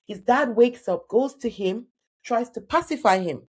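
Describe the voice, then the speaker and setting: Here a Nigerian-born career coach in her thirties shares a personal story in a podcast interview, speaking a little slowly with a fairly high pitch. She is animated and gives each quoted person their own voice.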